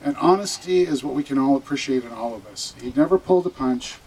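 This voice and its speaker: A man who works as a barber, speaking at a memorial gathering, telling anecdotes with many fillers and pauses. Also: mid-range voice, darkish tone, breathy edge, low-quality recording. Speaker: barber giving a eulogy. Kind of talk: memorial speech. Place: funeral gathering room.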